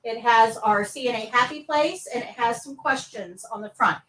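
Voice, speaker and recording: A woman's voice: on the high side, normal speed, a bit bright, distant mic, rough recording. A woman teaching nursing assistant students in a live class, upbeat and coaxing answers from them.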